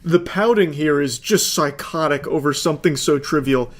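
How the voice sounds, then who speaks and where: A man's voice: a little high, moderate pace. A man giving casual reaction commentary, sarcastic and swearing freely. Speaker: commentary host.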